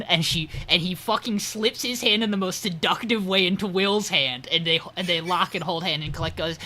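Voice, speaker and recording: A man co-hosting a podcast, casually recapping an episode with animated storytelling and swearing, over a remote call. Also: a little high, a little fast, few pauses. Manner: animated retelling, swears, quotes characters. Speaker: podcast co-host.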